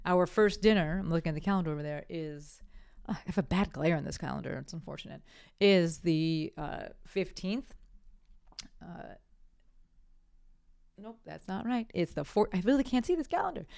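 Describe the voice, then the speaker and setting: A woman's voice: fairly low pitch, animated, normal speed, gravelly, a little mellow, no room sound, studio quality. A woman hosting her own podcast, talking casually and upbeat, often correcting herself mid-sentence. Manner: chatty, self-correcting, upbeat sign-off. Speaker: podcast host. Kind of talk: casual solo podcast talk.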